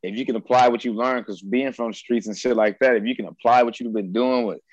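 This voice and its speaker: A man's voice: mid-range voice, fairly even intonation, quick pace, no room sound, lo-fi sound. American man, slangy, dry-sounding. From United States. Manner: streetwise slang, swears freely. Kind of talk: casual conversation.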